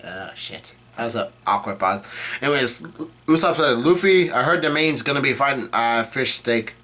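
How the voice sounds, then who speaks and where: A man casually reading a comic chapter aloud and commenting on it, with the dialogue in a flat voice and frequent fillers and self-corrections. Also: mid-range voice, normal speed, slight background noise. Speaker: channel host reacting to a comic chapter.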